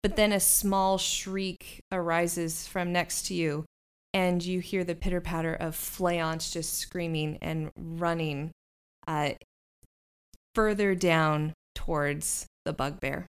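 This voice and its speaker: A woman's voice: lowish voice, fairly even intonation, slow pace, clean tone. A woman narrating a tabletop game as game master, describing scenes unhurriedly with fillers.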